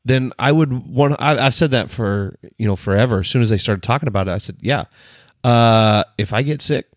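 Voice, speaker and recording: Man, home podcast co-host, calm and reflective, dry sound. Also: mid-range voice, a little fast, no echo. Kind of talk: casual chat. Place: home room.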